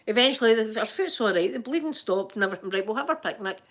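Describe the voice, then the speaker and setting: A middle-aged Scottish woman chatting to her viewers, telling stories and acting out her own panicked screaming in sudden high bursts. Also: animated, quick pace. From Scotland. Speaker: live-stream host. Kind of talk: casual storytelling chat to viewers.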